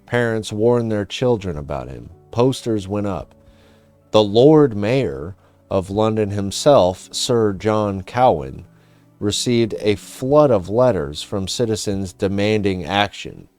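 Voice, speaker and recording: A man narrating a folklore history in scripted form, measured and dramatic, with casual asides. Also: fairly low pitch, expressive, darkish tone, smooth, soft background music.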